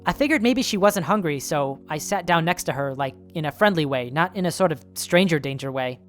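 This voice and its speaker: A man's voice: fairly high pitch, animated, a little fast, a bit bright, faint music behind. A man reading a horror story aloud in the first person, in a nervous, self-justifying telling. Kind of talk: scripted horror story narration.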